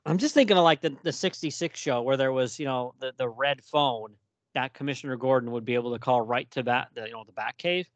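A man's voice: mid-range voice, a little fast, dry recording. A man hosting a casual chat about comic books, often laughing and acting out the lines he quotes. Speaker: podcast host.

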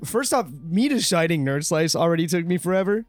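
A man's voice: on the high side, expressive, fairly quick, no room sound, soft background music. A man in his twenties co-hosting a podcast, talking in a goofy, rambling, playful way. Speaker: podcast co-host. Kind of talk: casual chat.

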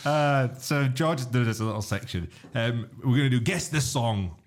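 A man's voice: mid-range voice, lively intonation, moderate pace. A man co-hosting a podcast in casual chat, often laughing through his words. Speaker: podcast co-host.

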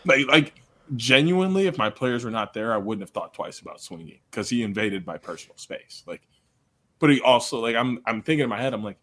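A young man co-hosting a podcast, telling a long story in loose, casual chat. He laughs a lot and fills his talk with "like" and "you know". His voice sits in an ordinary middle pitch. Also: lively intonation, brisk, fairly bright tone. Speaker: podcast co-host; coach.

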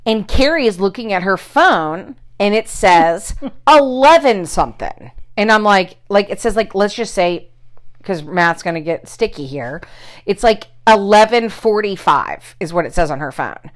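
Unhurried and medium in pitch, this middle-aged woman relates an anecdote in relaxed chat, swearing animatedly and loudly imitating what others said.

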